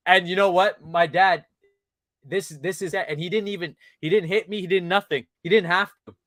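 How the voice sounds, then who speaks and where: Guy coaching men on a podcast, kinda high voice, dead dry mic, blunt and swears a lot. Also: steady tone, moderate pace, fairly bright tone, no room sound. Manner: blunt, swears freely, punchy emphatic delivery. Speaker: host, men's coach. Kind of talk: casual podcast conversation.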